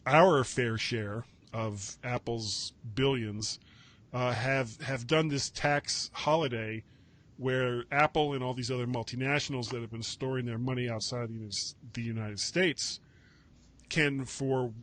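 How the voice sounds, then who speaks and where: A man's voice: medium pitch, fairly even intonation, measured pace, fairly bright tone. A man hosting a casual tech news chat, rambling and correcting himself with wry asides. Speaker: podcast host.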